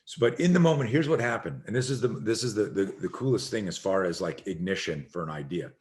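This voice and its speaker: Middle-aged guy, lowish voice, tells a self-defense story with lots of acted-out lines and swearing. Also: lively intonation, fast, a little mellow. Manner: acts out quoted voices, swearing, emphatic. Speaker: self-defense instructor, podcast guest. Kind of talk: animated storytelling interview.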